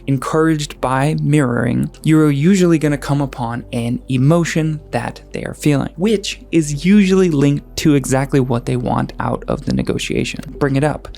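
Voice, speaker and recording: A man narrating a scripted vlog with dry, self-deprecating humor and deliberate pauses. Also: mid-range voice, gravelly, a little mellow. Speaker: vlogger. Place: Bucharest apartment.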